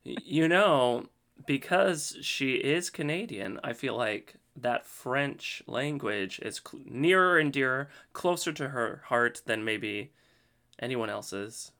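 A laid-back man co-hosting a chatty podcast, who laughs easily and has a playful, theatrical streak. He talks at an unhurried, drawn-out pace. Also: medium pitch, expressive, pushed and bright. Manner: theatrical, from acting work. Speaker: podcast co-host. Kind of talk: casual chat.

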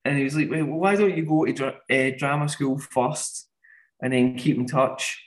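A man's voice: mid-range voice, normal speed, poor audio. Man telling a funny story. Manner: animated anecdote-telling, laughs often. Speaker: podcast guest. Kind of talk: casual storytelling.

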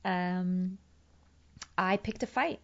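A woman's voice: fairly low pitch, very slow, highs cut off. A woman candidly recounting a fight with her partner, acting out both sides of the conversations. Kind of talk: candid personal storytelling.

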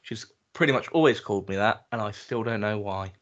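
A man's voice: on the low side, a little fast, fairly bright tone, highs cut off. A man co-hosting a podcast, chatting casually with a dry, teasing wit. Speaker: podcast co-host. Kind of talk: casual chat.

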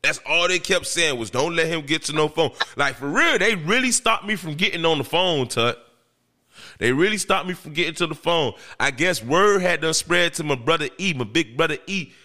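A man, a podcast host, telling a story in casual chat in an animated, profane and emphatic way. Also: fairly high pitch, moderate pace. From Miami, Florida.

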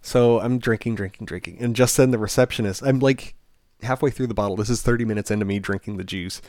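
Low-voiced man telling a story. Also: fast talker, no room sound, studio quality. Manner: animated, laughing, acts out other people's lines. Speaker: podcast co-host. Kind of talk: casual storytelling chat.

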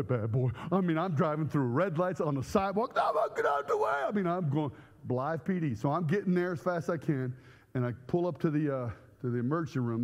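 Man, middle-aged, pastor, animated storytelling sermon, high-pitched voice, long hall echo. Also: muffled recording. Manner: animated storyteller acting out scenes with shouts and sound effects. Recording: echoey hall.

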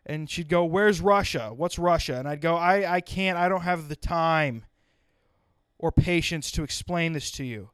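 Exasperated ranting man, high clear voice. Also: normal speed, a bit bright, no room sound, studio quality. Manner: exasperated, profane ranting with sarcastic tangents. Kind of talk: solo comedic rant.

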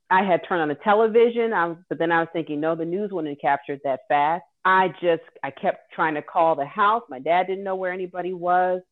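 A woman telling an earnest, vivid personal story as a guest host. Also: fairly low pitch. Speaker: guest host sharing her caregiving story. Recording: tinny phone-like audio.

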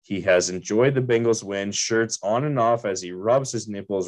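A podcast host with a somewhat low voice jokes around and asks long, rambling questions. His talk is crude and casual. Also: normal speed, few pauses.

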